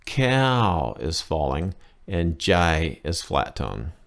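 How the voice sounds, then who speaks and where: A man teaching a language lesson in a chatty, enthusiastic way, explaining slowly and repeating key words. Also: extremely low pitch, big pitch swings, gravelly, a bit bright. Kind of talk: casual spoken lesson.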